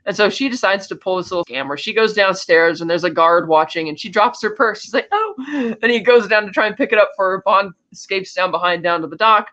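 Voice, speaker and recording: Male podcast host, high voice, animated casual recap, slightly muffled lo-fi sound. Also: a little fast, few pauses. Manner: animated storytelling, acting out lines of dialogue. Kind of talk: casual chat recapping a film.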